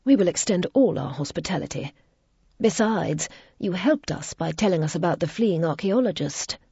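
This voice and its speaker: A woman voicing a hospitable Scottish noblewoman who speaks in a reasonable, calm way. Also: lowish voice, normal speed, slightly rough, no echo, heavily acted. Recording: dull lo-fi recording.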